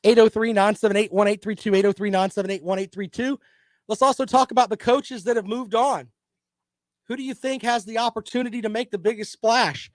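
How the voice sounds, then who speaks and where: High-voiced sports talk host. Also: male voice, steady tone, fairly quick, no room sound. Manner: conversational, opinionated, reads viewer comments. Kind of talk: casual live-stream sports talk.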